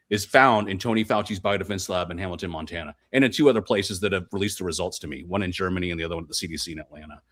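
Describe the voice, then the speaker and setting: A man's voice: low voice, a bit bright. A man speaking as a guest researcher on a podcast, explaining his case in an insistent, emphatic way. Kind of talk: fast podcast interview talk.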